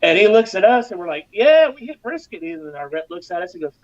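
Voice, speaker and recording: Here a fast-talking guest pitmaster casually recounts a story on live TV, animated throughout, his voice leaping up as he plays other characters. The audio quality is lo-fi.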